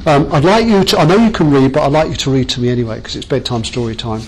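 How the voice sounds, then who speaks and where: A man's voice: medium pitch, a little fast, a little hiss or hum, rough recording. A man leading a workshop training session, chatty and self-mocking as he jokes with the group.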